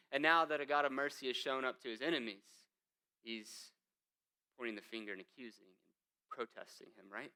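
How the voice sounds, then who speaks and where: Bright-voiced male pastor preaching. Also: mid-range voice, steady tone, moderate pace, clear, resonant tone. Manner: conversational, rhetorical questions, emphatic. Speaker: lead pastor. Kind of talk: sermon.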